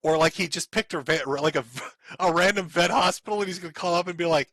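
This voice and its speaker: A man's voice: sits high, fairly quick, a bit bright, no echo, poor audio. A man streaming, giving sarcastic, profane commentary while reading out posts and chuckling often.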